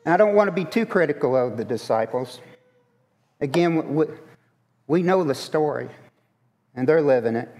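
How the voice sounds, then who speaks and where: Male preacher, slightly high pitch, conversational questioning sermon, long church reverb. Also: lively intonation, normal speed, long pauses, a little mellow. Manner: conversational, asks the congregation questions. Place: church sanctuary.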